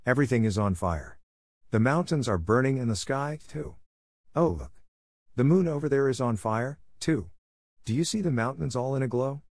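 A man reading aloud voices an eager, tender little girl with a gentle, wide-eyed manner. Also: mid-range voice, expressive, normal speed, dry recording, studio quality, pitched above the performer's own voice. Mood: excited.

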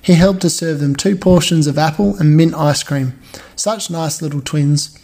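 Man, storybook reader, measured delivery, occasional stumbles, slightly high, dark mellow tone. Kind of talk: reading a children's novel aloud.

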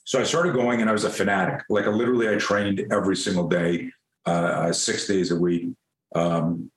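Older male guest, lively self-mocking storyteller, salty language, room echo. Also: sits low, brisk. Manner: animated, self-mocking, swears freely. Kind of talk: casual storytelling. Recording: roomy echo.

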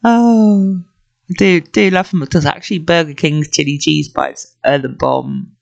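Chatty woman with a low, gravelly voice. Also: normal speed, lo-fi sound. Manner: rambling, gentle and chatty, with many fillers. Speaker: podcast host. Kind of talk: casual solo podcast monologue.

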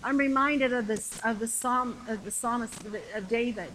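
A woman's voice: a little high, normal speed, fairly bright tone, a little hiss or hum, low-quality recording. A middle-aged woman preaching a sermon in a conversational, emphatic way, repeating phrases to build up her point, with a congregation answering her.

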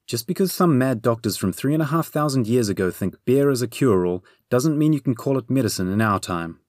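A man's voice: medium pitch, animated, brisk, a little mellow, no room sound, studio quality, pitched above the performer's own voice, close to an everyday voice. A man voicing a hectoring, lecturing male companion who scolds in a storybook reading. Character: hectoring know-it-all male companion Bernie.

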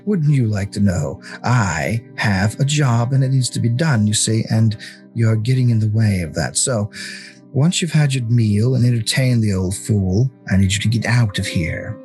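A man voicing a gruff, weary male talking guard dog, curt and dismissive. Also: on the low side, lively intonation, normal speed, a little mellow, faint music behind, natural voice.

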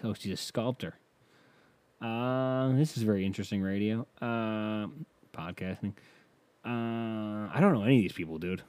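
A man's voice: fairly low pitch, moderate pace, mellow, no echo. A man hosting a comedy podcast, reading a biography aloud and riffing on it in an irreverent, sarcastic, profane way. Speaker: podcast host.

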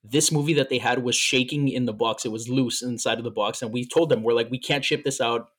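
A man's voice: medium pitch, fairly even intonation, fast talker. A man co-hosting a podcast in casual chat, telling stories in a playful, teasing way and tripping over his fillers. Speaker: podcast co-host.

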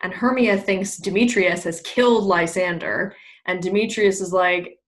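A young woman co-hosting a podcast recaps a play's plot in casual chat, laughing often and acting out the characters' lines with a bit of swearing. Her voice is on the low side and steady, at a moderate pace, in an echoey room.

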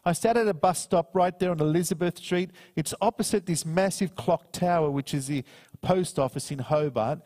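A man's voice: fairly high pitch, darkish tone, in a large hall. A middle-aged man preaching a sermon, earnestly reading scripture and telling a personal story. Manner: earnest, slows down to read scripture. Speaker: minister.

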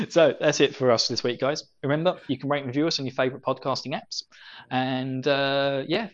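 A man's voice: mid-range voice, normal speed, muffled recording. A man hosting a podcast in casual chat, laughing often as he talks. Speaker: podcast host.

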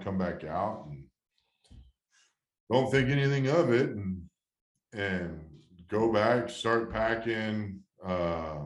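A man in his thirties with a very low voice, recalling his playing days in a loose, rambling way that keeps restarting. The talk is heartfelt and easy. The room is echoey and lively around him. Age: 30s. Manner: rambling, emotional storytelling with many restarts. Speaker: former baseball player, guest. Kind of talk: casual storytelling interview.

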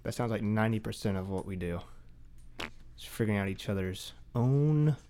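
A man co-hosting a podcast, chatting casually with deadpan quips. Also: on the low side, moderate pace, slight background noise. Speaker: podcast co-host. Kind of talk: casual chat.

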